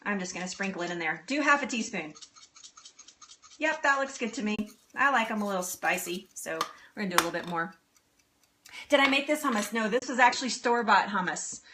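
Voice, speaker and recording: A woman's voice: medium pitch, expressive, brisk, bright, forceful tone, a little hiss or hum. A woman in her thirties hosting a live cooking stream from her home kitchen, chatting with viewers and laughing often. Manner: chatty, giggly, answers viewer comments. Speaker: cooking show host.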